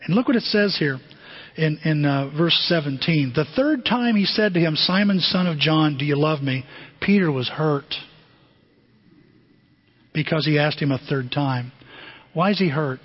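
Speaking a little slowly and pausing often, a pastor with a high, husky voice preaches through lively stories, voicing their characters himself. His sermon comes through a muffled, dull recording with a long hall reverb.

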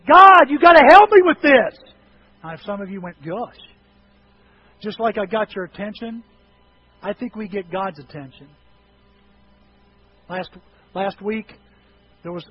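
A pastor preaching a sermon, moving from quiet, conversational talk to impassioned shouting and acting out prayers. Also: male voice, high-pitched. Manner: acts out prayers and dialogue. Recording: dull lo-fi with faint noise.

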